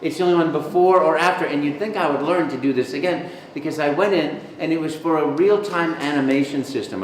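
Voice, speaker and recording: A man in an interview at a convention, telling stories in an animated, jokey way. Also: medium pitch, reverberant, a little hiss or hum. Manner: animated, jokey storyteller, breaks into voices. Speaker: voice actor, interview guest. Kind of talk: casual storytelling interview. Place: convention venue.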